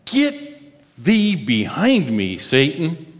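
A preacher gives voice to a stern male teacher who rebukes his follower. The delivery is firm and deliberate, with a long reverb from the hall. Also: a little high, wildly swooping pitch, full character voice.

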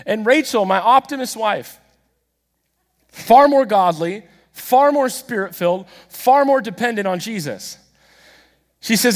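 A man preaching a sermon, telling a story with animated, self-deprecating humor and acting out the dialogue himself. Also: extremely high pitch, brisk. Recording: long reverb of a large hall.

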